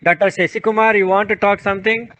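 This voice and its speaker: A man's voice: sits high, fairly even intonation, a little fast, a bit bright. A man moderating an online session, patiently repeating requests for a participant to speak. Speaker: webinar moderator. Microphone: video call. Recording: dull, muffled video call audio.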